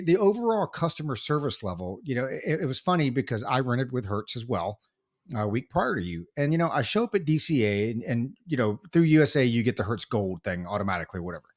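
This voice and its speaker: A man co-hosting a podcast, telling a story in casual chat, animated and full of restarts. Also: mid-range voice. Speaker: podcast co-host.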